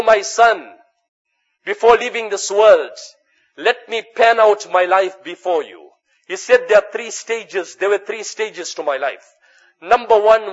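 Male preacher, high voice, earnest storytelling sermon, muffled lo-fi recording. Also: fairly bright tone. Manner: earnest preaching, often quotes Arabic narrations. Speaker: Islamic preacher. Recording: dull lo-fi recording.

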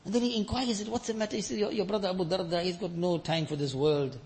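High-voiced fervent male preacher. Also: steady tone, fast. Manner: swings from loud fervent peaks to quiet storytelling; mixes Arabic quotations into English. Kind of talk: sermon.

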